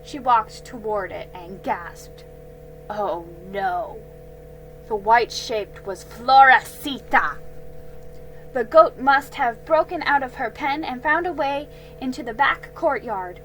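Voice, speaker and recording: Woman reading a kids' story out loud, bright high voice, slow, a little music under it. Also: low-quality recording. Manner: slow, careful reading with small slips and self-corrections. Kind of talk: storybook read-aloud.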